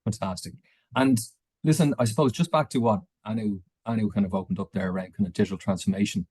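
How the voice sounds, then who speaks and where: Male webinar host, low and quick, dry close sound, casual hedging questions. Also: a little mellow, husky, dry recording. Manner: conversational, hedging with "kind of" and "I suppose". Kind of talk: interviewing a guest. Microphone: video call.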